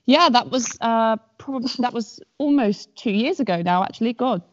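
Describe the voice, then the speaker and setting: A woman's voice: fairly high pitch, expressive, normal speed. Rambling woman guest with many fillers. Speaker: podcast guest. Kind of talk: casual chat. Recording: dull lo-fi sound.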